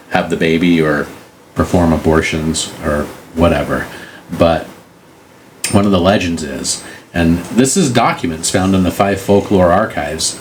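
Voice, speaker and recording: A middle-aged man with a low, heavy voice tells local stories in a relaxed, joking way. He drops into goofy voices for the people in his tales. A faint hiss sits under the recording. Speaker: podcast co-host. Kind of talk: casual storytelling chat.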